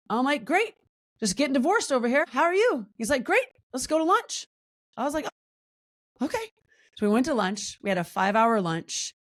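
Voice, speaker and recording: A wellness coach in her forties, guesting on a podcast, tells her story in a low-leaning voice. She's candid and full of life, and her pitch leaps up whenever she acts out someone's words.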